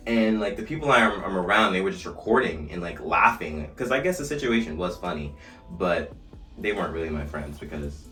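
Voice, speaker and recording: Young male vlogger, deep bright voice, roomy echo with faint music behind, animated storyteller. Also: moderate pace. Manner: animated storytelling, shouting re-enacted lines. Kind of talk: casual storytime while doing a routine. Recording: echoey room, mic at a distance, faint music.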